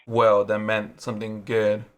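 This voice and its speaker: A man's voice: lowish voice, completely flat delivery, a little slow. A man co-hosting an interview, asking thoughtful questions and summarizing what the guest said. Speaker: interviewer, co-host.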